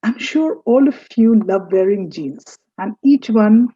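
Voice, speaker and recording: A woman's voice: mid-range voice, animated, measured pace, slightly rough, no room sound, dull audio. A woman teaching a recorded French lesson, explaining carefully and correcting pronunciation. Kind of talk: recorded online lecture.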